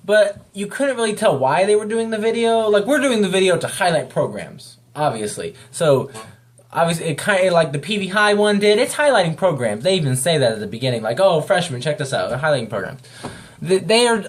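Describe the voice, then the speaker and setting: A man's voice: high-pitched, sing-song, a little fast. Rambling young-sounding guy reviewing a video. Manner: rambling, loose and off the cuff. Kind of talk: casual spoken review.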